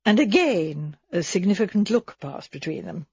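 A woman reading a story aloud as audiobook narrator, in an even storytelling manner. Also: on the low side, normal speed, slightly rough, no room sound, muffled recording. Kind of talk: scripted narration.

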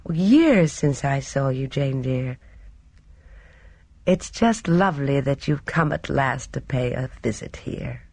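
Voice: mid-range voice, lively intonation, slow pace, dry recording, heavily acted. A reader voicing a sweet-voiced, affectionate elderly lady in an audiobook. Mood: fond, gently pleading. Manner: gentle, soft-spoken, breathy laughing lilt. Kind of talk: audiobook character reading.

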